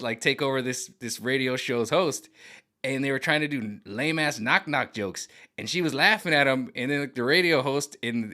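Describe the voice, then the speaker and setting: A man ranting to camera in an animated, mocking, rambling monologue. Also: medium pitch. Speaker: vlogger. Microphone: camera on gimbal.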